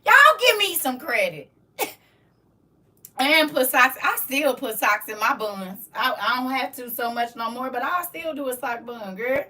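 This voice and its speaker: A woman's voice: sits high, animated, measured pace, bright, forceful tone. A middle-aged woman hosting a casual livestream at home, teasing her viewers playfully and laughing often. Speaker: livestream host reading chat. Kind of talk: casual live chat. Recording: distant from the mic.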